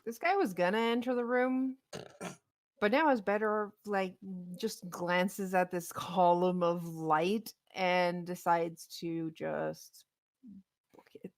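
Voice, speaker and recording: A woman running a tabletop game as game master, amused and quick to laugh at the dice. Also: lowish voice, steady tone, no echo, studio quality.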